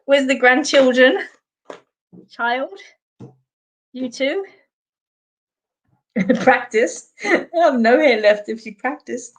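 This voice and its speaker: A woman's voice: sits high, lively intonation, slow pace, pauses often. Chatty laughing Australian woman. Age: middle-aged. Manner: chatty and rambling, laughing often. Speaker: host. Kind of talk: casual live-stream chat with viewers.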